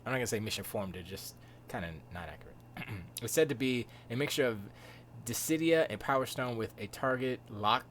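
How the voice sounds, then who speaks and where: A man on a live stream, talking casually in slang at a middle pitch. He rants with swings between loud excitement and quiet asides and laughs at his own jokes. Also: fairly quick, a little hiss or hum. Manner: animated ranting, slangy, laughs often. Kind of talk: casual chat, reading chat comments.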